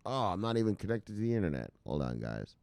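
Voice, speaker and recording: An excitable man hosting a casual crypto livestream, reading out viewer comments with profanity and shouted catchphrases. His voice swings widely in pitch. The sound is dry and close. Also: fast talker, creaky, dry recording. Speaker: crypto channel host.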